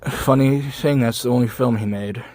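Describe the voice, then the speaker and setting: A man reading fan fiction aloud for laughs, with sarcastic, deadpan asides, recorded close to a microphone at home. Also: medium pitch, moderate pace, a little hiss or hum. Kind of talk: comedic reading with reaction commentary.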